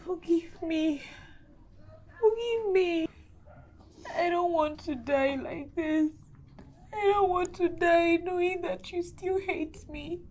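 A woman's voice: very high-pitched, slow, pauses often, darkish tone. An actress with a Nigerian English accent playing a guilt-stricken mother and wife who begs for forgiveness in tears. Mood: tearful begging. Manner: tearful pleading. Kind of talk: film drama acting.

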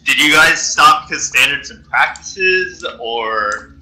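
A man's voice: on the high side, animated, slow, pushed and bright. A man in the audience asking a question, hesitant and full of fillers. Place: virtual reality social space. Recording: roomy echo.

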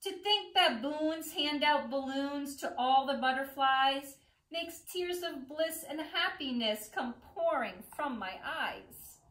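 A gentle male bear from a picture book muses softly and wistfully, as a woman reads him. The reading is unhurried and the room adds echo. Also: high voice. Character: gentle, sentimental male bear who doubts. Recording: echoey room.

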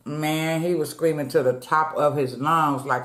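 A woman's voice: sits low, steady tone, measured pace, slight background noise. Chatty woman eating on camera, echoey room. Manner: chatty, talks straight to viewers as "y'all", eats between words. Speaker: mukbang vlogger. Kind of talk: casual chat while eating. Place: at home.

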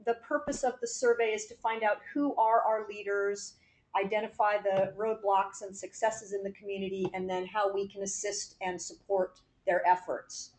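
A woman's voice: mid-range voice, little pitch movement, normal speed, darkish tone, a little hiss or hum, low-quality recording. A woman giving a staff update at a board meeting, with many fillers and restarts. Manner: rambling with many fillers, laughs easily.

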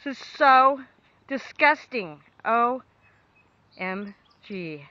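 A young woman outdoors on a dog walk, filming with a handheld camera and talking off the cuff, grossed out and repeating her exclamations, sometimes shouting for her dog. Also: fairly high pitch, expressive, drawn-out words, no room sound. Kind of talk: unscripted phone-camera commentary. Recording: dull lo-fi home video with faint background noise.

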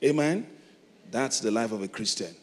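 Nigerian pastor preaching in a reverberant hall. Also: male voice, fairly low pitch, animated, normal speed. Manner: swings from soft reflective storytelling to loud emphatic preaching. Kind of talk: sermon. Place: large church hall. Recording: long hall reverb, faint noise.

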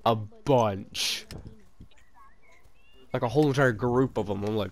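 A young man in a relaxed VR game chat, talking into a headset mic at an ordinary middle pitch. His throat sounds sore, and he laughs at himself often and swears without a second thought. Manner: laughing, self-mocking, quick to swear. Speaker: gamer.

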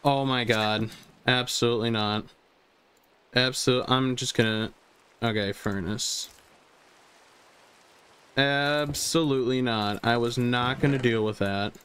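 Slow-talking young man narrating gameplay. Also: mid-range voice, fairly even intonation, a bit bright, a little hiss or hum. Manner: talks to himself, repeats phrases, jumpy and exclaiming. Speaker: gaming video host. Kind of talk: live gameplay commentary.

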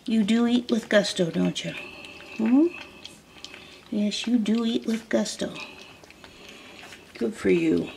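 A woman's voice: on the high side, slow, vocal fry, long pauses, darkish tone, a little hiss or hum. A woman talking in sing-song, doting baby talk to a puppy while she films it. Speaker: dog breeder filming a puppy.

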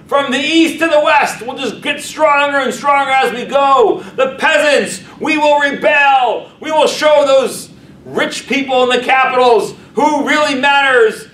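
Casting note: high, strained young crown prince, pleading and shouting as a rabbi puts him on, echoey distant recording. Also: male voice, expressive, normal speed. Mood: rousing. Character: young rebellious crown prince, desperate then remorseful. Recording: echoey room, distant mic, noisy.

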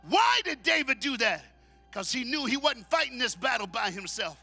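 High, bright-voiced preacher man. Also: big pitch swings, normal speed, vocal fry, slightly rough, soft background music. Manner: call-and-response preaching, swings between shouting and low asides. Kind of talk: sermon. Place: church hall at a men's conference.

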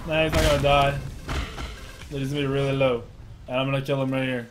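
A young man giving profane, excitable commentary on his own game match. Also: mid-range voice, fast talker, over music. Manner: cocky, profane, excitable trash talk. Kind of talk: casual gameplay commentary.

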